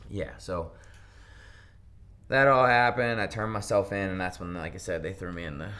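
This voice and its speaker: A young man from Pennsylvania, a guest in an interview, telling his story in a casual, animated way and acting out what people said. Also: sits low, normal speed.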